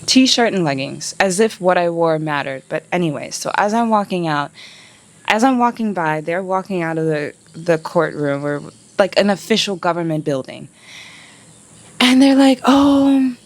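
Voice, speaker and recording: A woman in a casual vlog, telling her story in an animated, indignant way and swearing freely. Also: lowish voice, moderate pace. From United States. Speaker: travel vlogger.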